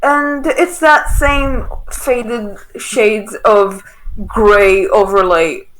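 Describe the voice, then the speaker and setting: Woman, dungeon master, tabletop game, giggly, rambling, slow. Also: mid-range voice, rough recording.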